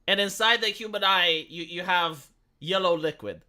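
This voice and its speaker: Streamer, young man, Romanian accent, squeaky and bright, stumbling restarts, reads chat mid-ramble. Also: moderate pace, a little hiss or hum. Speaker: live streamer. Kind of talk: casual stream commentary.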